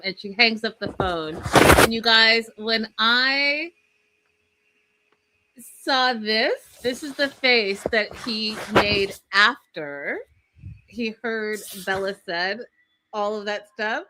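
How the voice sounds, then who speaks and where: A woman's voice: fairly high pitch, takes it slowly, heavy background noise. A woman co-hosting a casual TV recap show, chatting directly to her viewers and laughing often. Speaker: podcast co-host.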